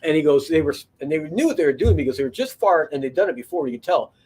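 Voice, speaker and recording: A man's voice: fairly high pitch, lively intonation, fast, a little mellow, slightly rough. A man telling a long story in a casual, rambling way, full of fillers, restarts and swearing. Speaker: podcast host.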